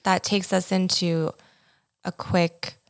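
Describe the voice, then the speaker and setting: A woman's voice: on the low side, level tone, takes it slowly, gravelly, clean tone. A woman co-hosting a podcast in casual chat, speaking directly and matter-of-factly. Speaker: podcast co-host.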